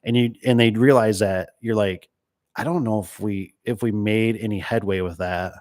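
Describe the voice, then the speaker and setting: Rambling man with a low, dry voice. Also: normal speed, darkish tone, no echo. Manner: rambling, conversational, lots of fillers and "right?" tags; retells conversations in quoted dialogue. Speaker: door and gate business owner. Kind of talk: casual chat.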